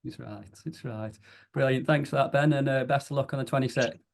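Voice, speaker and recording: A male podcast host who speaks quickly and asks short questions. He keeps his replies brief and encouraging. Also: medium pitch, fairly even intonation, creaky. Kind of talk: interviewing.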